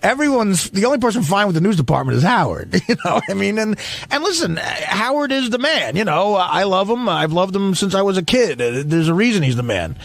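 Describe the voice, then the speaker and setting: A man talks on the radio in a worked-up, defensive rush, cursing as he goes. His fairly high voice jumps up and down a lot, and the studio sound is close and dry. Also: very animated, fairly quick, gravelly, no echo. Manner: agitated, swearing, defensive. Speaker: radio show regular. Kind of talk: heated talk radio chat.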